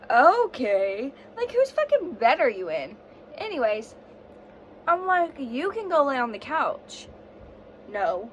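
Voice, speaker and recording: A young woman vlogs casually while sick with a fever and sore throat, telling a story through a dramatic, heavily profane rant. Her voice is high-pitched and sing-song at a measured pace, with a little hiss or hum in the recording.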